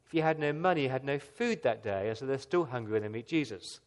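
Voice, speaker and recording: A man preaching a sermon as pastor, with a voice of middling pitch. He speaks earnestly and asks his listeners questions. He lifts lines with loud emphasis and then drops to a soft, quiet voice. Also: lively intonation, quick pace.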